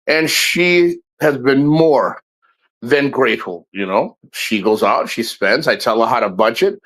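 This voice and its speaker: A man's voice: mid-range voice, lively intonation, a little slow, a bit bright. A man hosting a livestream, talking bluntly and profanely in a rambling, casual chat. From foreign man living in the Philippines. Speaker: host of a livestream.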